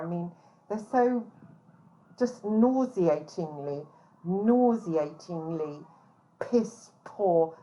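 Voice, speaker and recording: A woman speaking as a private investigator, blunt and indignant, swearing freely and filling pauses with ums. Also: on the low side, darkish tone, highs cut off. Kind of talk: candid spoken account.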